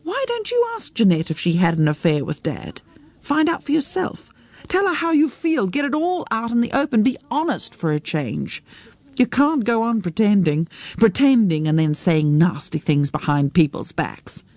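A woman voicing a frank, impatient grown daughter who talks in brisk, scolding lines. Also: mid-range voice, big pitch swings, a little mellow, no room sound. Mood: blunt.

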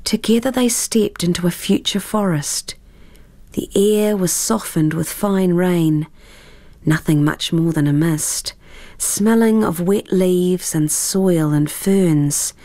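A woman reading a storybook aloud in a measured, hushed way that drops at times into whispers. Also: fairly low pitch, no echo.

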